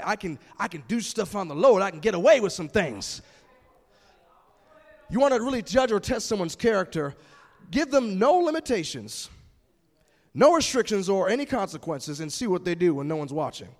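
A man preaching a sermon as pastor, building from calm explanation to emphatic shouting. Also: sits high, moderate pace, pauses often, in a large hall.

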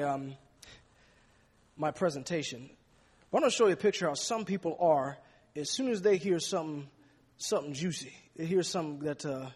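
High-voiced preacher in an echoing hall. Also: male voice, slightly rough. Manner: emphatic, repeats words while speaking. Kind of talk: sermon.

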